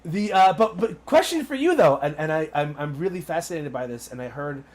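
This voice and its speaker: A man's voice: on the high side, lively intonation, fairly quick. A man hosting an interview show from his small home studio, chatty and eager, often tripping over his words. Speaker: podcast host. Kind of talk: casual interview chat.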